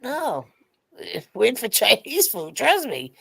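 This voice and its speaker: A woman in casual pub-style chat, an animated storyteller who swears freely. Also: fairly high pitch, takes it slowly, vocal fry, a little hiss or hum. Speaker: co-host.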